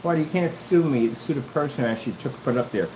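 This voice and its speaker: A man's voice: medium pitch, quick pace, reverberant, background noise. Combative, mocking man ranting. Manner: repeats himself often. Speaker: YouTuber. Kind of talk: ranting callout video.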